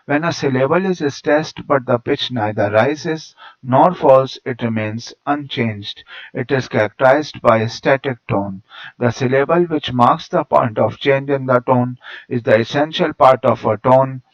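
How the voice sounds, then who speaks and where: This man reads a teaching lesson aloud at a steady, measured pace. His voice sits at a middle pitch for a man. The recording is dull and lo-fi. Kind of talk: read-aloud lecture narration.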